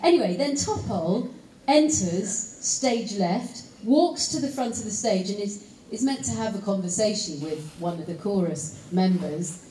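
A woman, an actress, telling a lively anecdote to a live audience and teasing them with asides. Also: mid-range voice, unhurried. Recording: echoey hall, voice picked up from a distance, faint room noise.

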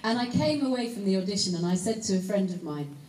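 A woman's voice: mid-range voice, lively intonation, fast talker, a little mellow. Chatty woman in a roomy hall. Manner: chatty rambling storyteller, many fillers. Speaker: actress and voice actor. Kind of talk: convention panel answers. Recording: roomy hall, distant mic, faint ambience.

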